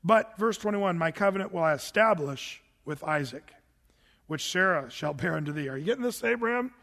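A man's voice: high voice, lively intonation, brisk, creaky, a bit bright, long reverb tail. A man preaching a sermon, teaching through Bible verses in a conversational way with joking asides. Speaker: pastor.

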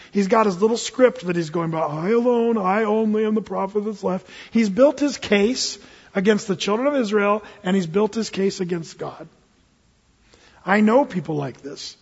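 A male pastor preaching a sermon, animated, acting out characters from scripture with big swings in pitch and loudness. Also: moderate pace, slightly rough. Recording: muffled recording with long hall reverb.

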